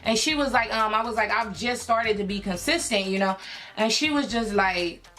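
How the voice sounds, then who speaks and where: A young woman from Philadelphia, a beauty YouTuber, telling an excited storytime to her viewers in a chatty way with many fillers. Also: medium pitch, normal speed. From Philadelphia, USA. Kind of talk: storytime vlog, casual chat to viewers.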